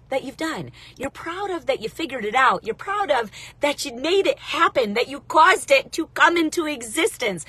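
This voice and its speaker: A woman in her thirties hosting a casual motivational talk, chatty and direct with viewers, congested from allergies and clearing her throat. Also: high-pitched, pushed and bright, no room sound. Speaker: motivational livestream host.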